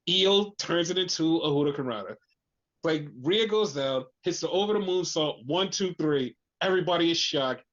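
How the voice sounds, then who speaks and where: A man co-hosting a podcast, chatting casually and animatedly about wrestling, swearing freely and acting out what others said. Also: high voice. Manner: animated, swearing, acts out quotes. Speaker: podcast co-host. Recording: dull lo-fi podcast audio.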